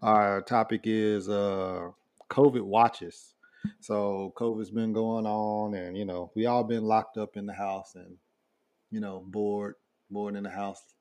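A man's voice: fairly low pitch, fairly even intonation, takes it slowly, a little mellow. A man hosting a casual podcast chat, bringing up the topic in an easygoing way with fillers. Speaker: podcast host.

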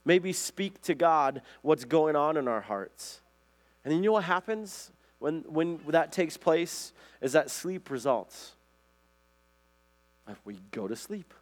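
A man delivers a conversational sermon in a slightly high voice. He speaks earnestly and keeps asking his listeners questions as he goes. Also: animated, a little slow. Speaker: pastor.

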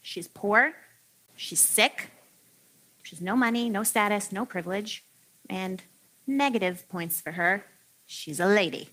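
Bright-voiced woman preaching a casual sermon. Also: medium pitch, slow, long pauses. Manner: chatty and playful, heavy use of "like".

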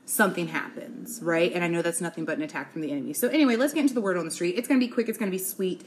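A young adult woman hosting a casual solo podcast, gossiping in an animated way, laughing often and calling her listeners y'all, sis and honey. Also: fairly low pitch, rapid-fire, a little hiss or hum. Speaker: podcast host.

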